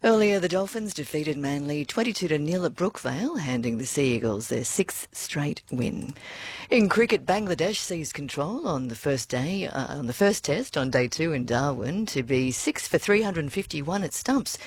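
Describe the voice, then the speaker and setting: Husky Australian newsreader woman. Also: deep voice, animated. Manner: measured, formal reading. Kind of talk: read news and weather bulletin. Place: radio studio.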